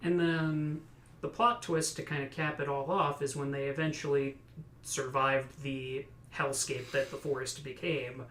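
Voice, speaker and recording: A man's voice: medium pitch, flat delivery, unhurried, a bit bright. Dry-humored man in an echoey room. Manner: dry, sardonic. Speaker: podcast co-host and player. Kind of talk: casual podcast discussion. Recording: roomy echo.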